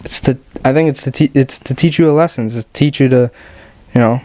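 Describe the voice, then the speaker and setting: A man's voice: mid-range voice, quick pace, dark tone, no echo. A man in his twenties co-hosting a podcast, chatting casually and agreeably. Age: 20s. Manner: agreeable, affirming backchannels. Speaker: podcast co-host. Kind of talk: casual chat.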